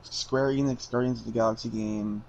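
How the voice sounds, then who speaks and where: A man's voice: mid-range voice, steady tone, moderate pace, gravelly, a little mellow, muffled recording, a little hiss or hum. Man ranting bluntly, lots of swearing. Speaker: podcast co-host. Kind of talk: casual podcast chat.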